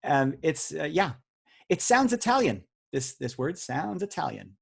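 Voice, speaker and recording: A man's voice: fairly high pitch, big pitch swings, measured pace, creaky, breathy edge. Joking man hosting a quiz. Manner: joking, teasing, chatty. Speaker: quiz host. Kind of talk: hosting a live online word quiz. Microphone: video call audio.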